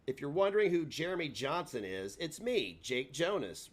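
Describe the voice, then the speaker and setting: A man's voice: a little high, very animated, normal speed. A man hosting a live stream, taunting and mocking a caller in a sarcastic rant.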